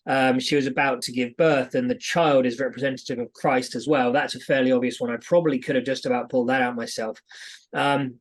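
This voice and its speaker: A British man co-hosting a podcast, chatting through Bible passages eagerly with frequent fillers. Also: medium pitch. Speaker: podcast co-host. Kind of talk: casual Bible study chat.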